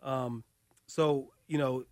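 A man who coaches basketball, guesting on a sports radio show, measured and affable with lots of fillers. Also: mid-range voice, fairly even intonation, no room sound. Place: radio studio.

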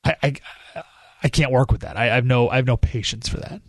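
A man's voice: medium pitch, steady tone, fairly quick, no room sound, studio quality. A man hosting a political talk radio show, speaking emphatically and sarcastically. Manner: emphatic, sarcastic, with short laughs.

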